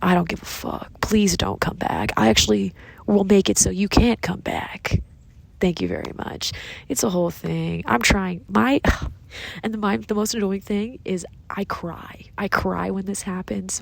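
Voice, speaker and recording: A woman's voice: medium pitch, lively intonation, normal speed, vocal fry, breathy edge. A young woman venting in a casual vlog, chatty and sarcastic with frequent swearing, filmed outdoors in cold woods on a handheld phone. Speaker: vlogger. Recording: faint outdoor ambience.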